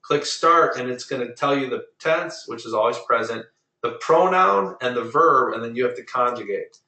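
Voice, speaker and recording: A man's voice: medium pitch, moderate pace, bright, forceful tone, reverberant, low-quality recording. A man teaching a Spanish class online, drilling verb forms and correcting pronunciation patiently. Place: online video meeting.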